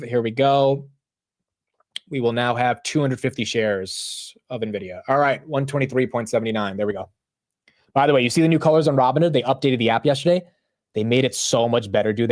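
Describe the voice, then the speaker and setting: A young man hosting a casual live stock market stream, chatting with viewers and reacting excitedly to price moves. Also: mid-range voice, normal speed. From United States. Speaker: livestream market host.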